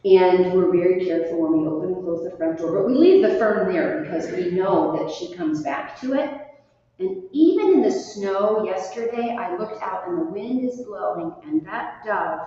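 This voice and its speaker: A woman leading a children's chapel, explaining a scripture passage simply and gently to kids. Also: mid-range voice, animated, moderate pace. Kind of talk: children's sermon chat. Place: church. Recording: roomy church hall, distant mic, dull sound.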